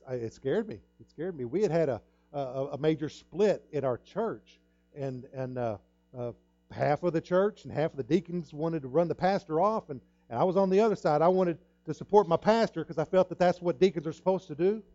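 A middle-aged man preaches with a mellow, rather high voice, telling a story from his own life in earnest, repeating his words. The sound is dry and a bit dull, like a modest lo-fi church recording. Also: no echo. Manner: earnest storytelling, repeats himself, acts out quoted dialogue. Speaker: pastor. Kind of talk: sermon.

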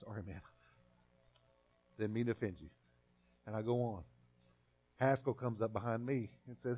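A man's voice: on the low side, moderate pace, long pauses, warm tone, husky, soft background music. A man preaching a sermon as pastor in a folksy, conversational way, repeating phrases and acting out little scenes.

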